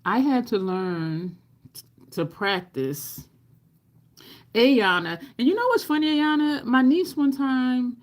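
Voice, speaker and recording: A middle-aged woman hosts a makeup livestream, her voice a little high, animated and slow. She chats casually with viewers while working, reading and answering the live chat, laughing often and acting out the people in her stories.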